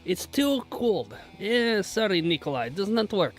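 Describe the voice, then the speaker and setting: A man's voice: high voice, sing-song, measured pace, voice pushed up. A man putting on a joking fake Russian accent, speaking in stilted, broken phrases.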